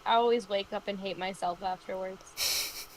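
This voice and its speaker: A woman's voice: medium pitch, steady tone, moderate pace, slight background noise, rough recording. A woman co-hosting a casual live stream chat, ranting emphatically about a show. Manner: emphatic, exasperated rants. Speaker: podcast co-host.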